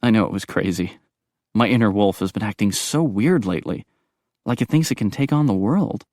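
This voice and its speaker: A man's voice: fairly low pitch, a little fast, darkish tone, dry recording, studio quality, close to an everyday voice. A man voicing a bold young werewolf princess with a teasing way of speaking.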